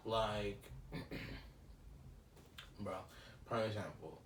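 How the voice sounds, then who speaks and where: A young man hosts a casual solo podcast in a low voice, rambling and reflective and leaning on fillers. He sits a bit back from the mic in a roomy space, with faint ambient noise underneath. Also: very slow, recorded from a distance. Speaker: podcast host.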